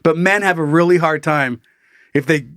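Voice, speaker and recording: A man's voice: a little high, normal speed, fairly bright tone, dry recording, studio quality. A young adult man co-hosting a podcast in casual comedic chat, swearing freely, laughing and riffing. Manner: profane, laughing, riffs into mocking bits. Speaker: podcast co-host.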